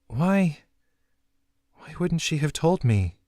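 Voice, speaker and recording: A man voicing a grieving, guarded young woman who speaks quietly and tersely. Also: fairly high pitch, very animated, takes it slowly, dry recording, clean studio sound, pitched above the performer's own voice.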